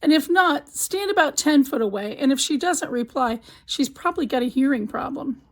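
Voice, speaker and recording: A woman's voice: sits high, lively intonation, normal speed. A woman voicing a male doctor explaining a simple step-by-step test. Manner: instructive, step by step. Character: matter-of-fact male doctor giving advice.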